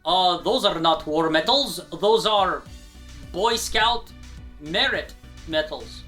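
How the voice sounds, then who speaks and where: A man's voice: on the high side, expressive, slow pace, sharp tone, soft background music, exaggerated voice. A man doing a cagey Russian boy spy. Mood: evasive. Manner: evasive, stammering cover stories.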